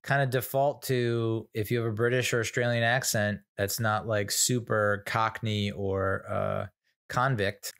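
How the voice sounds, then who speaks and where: A man's voice: fairly low pitch, fairly even intonation, measured pace, fairly bright tone, clean tone. An American man in his thirties, a comedian telling a rambling, self-deprecating story full of restarts. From United States. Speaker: comedian host.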